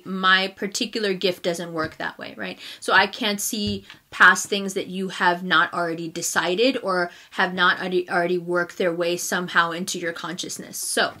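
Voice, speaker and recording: A woman's voice: medium pitch, pushed and bright. A woman tarot reader talking casually and effusively to her viewers, laughing often and getting emotional. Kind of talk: casual direct-to-camera talk.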